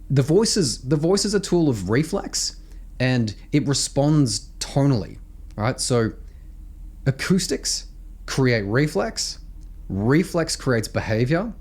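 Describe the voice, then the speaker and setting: An Australian man teaching voice technique, explaining exercises in an animated, emphatic way and often checking in with "right?". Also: medium pitch. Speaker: vocal coach. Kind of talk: instructional explanation with sung demos.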